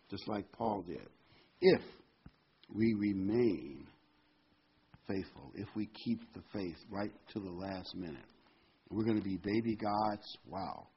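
A man preaching a sermon in a low, very husky voice, caught on a dull lo-fi recording. He swings between loud emphatic points and quiet asides and reads scripture aloud with weight.

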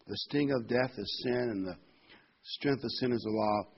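An older man preaching a sermon, reading scripture aloud and commenting between verses, rising in pitch and volume when he reads the verses. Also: normal speed, slightly rough. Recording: dull lo-fi sound with faint noise.

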